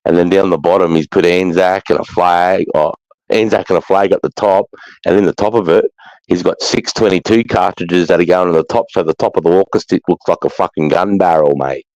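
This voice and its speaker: A man's voice: sits low, steady tone, fairly quick, a little mellow, no room sound, low-quality recording. An Australian man chatting casually on a stream, blunt and swearing, calling everyone mate. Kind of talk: casual live-stream chat.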